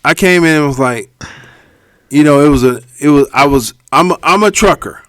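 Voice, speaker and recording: Animated as a storyteller, this podcast co-host shares anecdotes in casual conversation and acts out quotes from people he's talked to. His voice is smooth and on the high side, delivered at a moderate pace without any echo.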